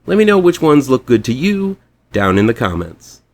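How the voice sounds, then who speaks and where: A man's voice: mid-range voice, sing-song, normal speed, very noisy. A man hosting a weekly horror comics show, reading a scripted rundown with chatty, fan-like enthusiasm.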